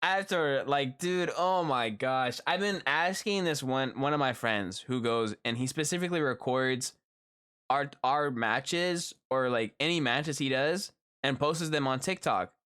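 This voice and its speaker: A man's voice: mid-range voice, unhurried, clear, resonant tone. A man live streaming, telling stories in a casual, slangy way, swearing freely. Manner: animated, slangy, swears freely, breaks into laughter. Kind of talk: casual storytelling chat.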